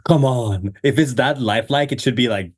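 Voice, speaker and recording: A man's voice: medium pitch, normal speed. A man co-hosting a podcast, chatting casually and laughing often while reacting. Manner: laughing, relaxed, rambling. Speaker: podcast co-host. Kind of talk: casual chat.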